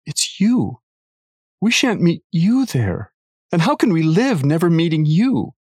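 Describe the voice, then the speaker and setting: A man voicing an earnest, tearful young girl who begs in high, pleading tones while reading a story aloud. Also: sing-song, slow pace, darkish tone, husky, no room sound, clean studio sound, full character voice. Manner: begging, high and breathless pleas.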